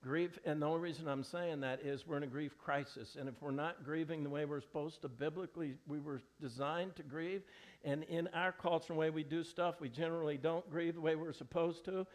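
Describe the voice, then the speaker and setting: Earnest middle-aged pastor preaching a sermon. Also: male voice, on the high side, fairly even intonation, brisk. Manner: earnest, conversational, with frequent restarts. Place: church sanctuary.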